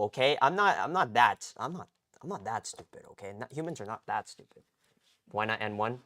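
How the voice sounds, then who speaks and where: A man's voice: fairly low pitch, animated, a little fast, fairly bright tone. A young man from the United States chatting casually on a live stream from his garage, rambling with frequent restarts and tag questions. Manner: rambling, repeats "okay?" and restarts often. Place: home garage.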